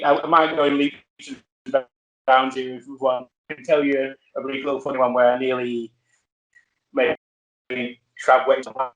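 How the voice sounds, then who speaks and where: A man telling wrestling stories in casual chat, halting with many fillers and restarts. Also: mid-range voice, muffled recording. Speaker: wrestler guest. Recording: roomy echo.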